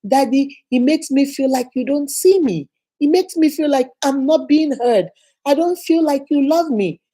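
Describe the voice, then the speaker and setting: A woman voicing a young daughter who earnestly tells her father how his yelling hurts her. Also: high voice, animated, moderate pace, pitched above the performer's own voice. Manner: hurt, earnest complaints.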